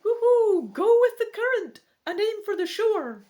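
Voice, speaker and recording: A woman voicing a squeaky, wise male barn owl that hoots cheerfully. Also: big pitch swings, measured pace, heavily acted. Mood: cheery. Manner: hooting, bright and wise.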